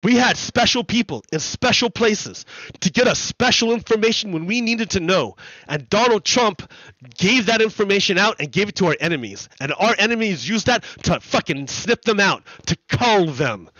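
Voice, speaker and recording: Over a streaming desk mic, a man with a high, bright, forceful voice hosts a gaming livestream full of heated, profane, repetitive rants. The recording is dry and sounds dull.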